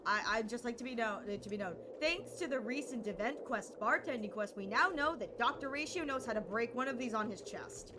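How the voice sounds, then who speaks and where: A woman's voice: a little high, animated, fairly quick, few pauses, background noise. A young adult woman livestreaming a story game, rambling in casual chat and laughing often.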